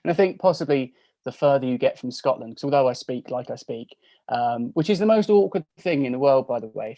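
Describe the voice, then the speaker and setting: An Englishman in his forties joins a podcast as a guest over a video call, casually chatting and telling stories in a self-mocking way. His medium-pitched voice is expressive, brisk, and warm, and the recording is dry.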